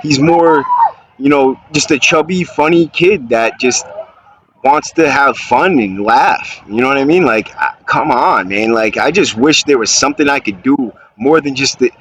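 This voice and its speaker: A male podcast host with a mid-pitched voice speaks casually and sincerely. He pleads for someone to step up and help, with a faint hiss in the background. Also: a little slow.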